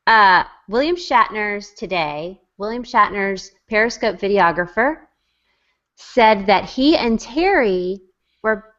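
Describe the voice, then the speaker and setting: A woman's voice: mid-range voice, expressive, a bit bright. Chatty woman on a muffled call. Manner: chatty, drawn-out explaining. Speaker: co-host. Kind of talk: casual chat.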